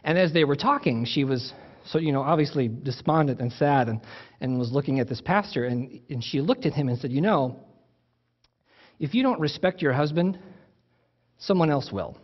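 A man's voice: a little high, expressive, normal speed, highs cut off. A man preaching a sermon in a conversational, teaching way, often restarting his phrases. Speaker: pastor.

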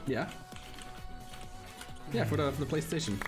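Playful streamer man with a lively voice. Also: a little high, measured pace, over music. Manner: playful, teasing, jokey banter. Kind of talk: casual gaming stream chat.

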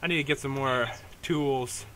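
Rambling young man, bright tone. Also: mid-range voice, moderate pace, slight background noise. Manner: rambling, hesitant, many fillers and restarts. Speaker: let's play host. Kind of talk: casual gameplay commentary.

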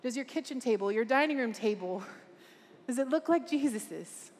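A woman's voice: on the high side, expressive, moderate pace, a little mellow. An earnest woman preaches to a gathered crowd, her voice carrying with a long echo through a large hall. She speaks with emphatic conviction, turning questions out to her listeners, over a faint hum of room ambience. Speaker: conference speaker. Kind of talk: preaching a talk.

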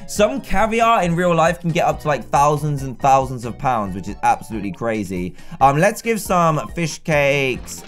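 A man giving chatty, excitable let's-play commentary and talking to the game characters. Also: medium pitch. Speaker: gaming YouTuber.

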